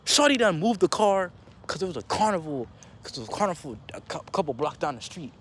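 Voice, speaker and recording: A young man tells a casual story in slangy, animated fashion, talking fast and jumping into higher voices whenever he quotes someone.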